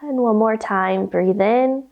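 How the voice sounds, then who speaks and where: A woman yoga instructor leading a children's yoga storytime, reading a picture book in a gentle, playful, instructive way. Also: fairly high pitch, takes it slowly, gravelly, muffled recording.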